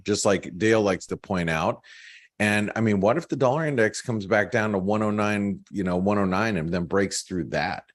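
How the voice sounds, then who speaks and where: Low-voiced man chatting over charts. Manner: loose and chatty, many fillers, laughs at his own jokes. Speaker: market analyst on a trading webinar. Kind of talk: casual chat walking through charts.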